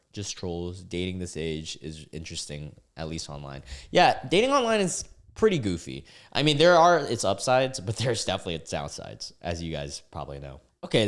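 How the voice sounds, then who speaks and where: A young man hosting a casual online video, reacting to posts in a halting way and often stumbling and restarting his words. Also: sits low. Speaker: YouTube reaction host.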